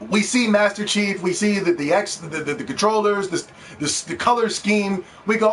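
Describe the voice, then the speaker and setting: A man's voice: high voice, moderate pace, fairly bright tone. A man ranting in a heated, profane, mocking way in vlog commentary about video games. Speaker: gaming commentator. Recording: distant mic with faint background noise.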